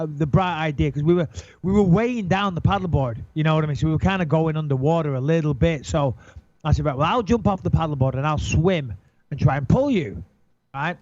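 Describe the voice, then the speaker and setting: A middle-aged man telling an animated, swearing anecdote in casual chat, acting out his own panic. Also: on the high side, no room sound. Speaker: guest storyteller. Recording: dull lo-fi sound, dry.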